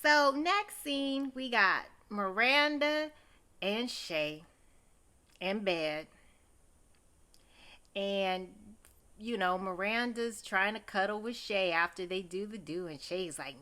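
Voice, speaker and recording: A woman's voice: mid-range voice, slow pace, long pauses, sharp tone. A woman recapping a TV episode in a chatty, gossipy way, exclaiming often and talking straight to her viewers. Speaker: TV recap host.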